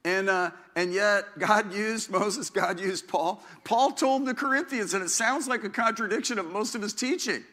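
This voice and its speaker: Middle-aged male pastor, conversational sermon, rambly and self-deprecating, voice a touch high and forceful. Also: moderate pace, few pauses. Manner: rambling, self-deprecating, with asides and frequent restarts.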